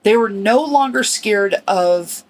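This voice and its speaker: A middle-aged woman hosting a personal podcast, speaking earnestly and reflectively in short, halting phrases. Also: mid-range voice, expressive. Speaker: podcast host.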